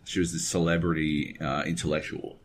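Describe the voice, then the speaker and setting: Male podcast co-host, very low voice, profane and digressive, faint background hiss. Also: little pitch movement, a little fast. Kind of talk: casual chat. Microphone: webcam setup at home desk.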